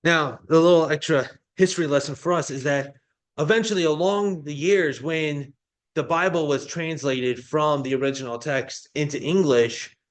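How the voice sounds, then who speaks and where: A male pastor delivering a sermon, explaining a Bible passage in a teaching manner with frequent restarts. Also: on the high side.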